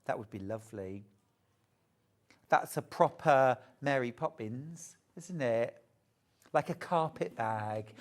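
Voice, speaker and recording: Low-voiced British woman, middle-aged, chatty live shopping-channel host. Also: animated, takes it slowly, pauses often. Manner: chatty, gushing over fabrics.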